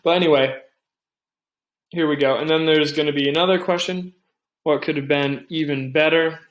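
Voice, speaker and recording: A young man hosting a casual tech tutorial, talking things through with asides and quick restarts. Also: a little high, steady tone, roomy sound. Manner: chatty, thinks aloud with restarts and asides. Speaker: tech tips host. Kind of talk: casual screen-recorded tutorial.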